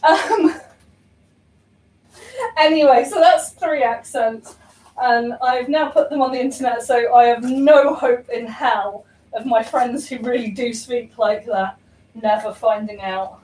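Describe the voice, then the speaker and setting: A woman's voice: a little high, takes it slowly, a little mellow, a little hiss or hum. A young woman chatting casually while baking at home, rambling and self-mocking with lots of ums and laughs. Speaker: baking vlogger. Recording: roomy kitchen, voice from far off.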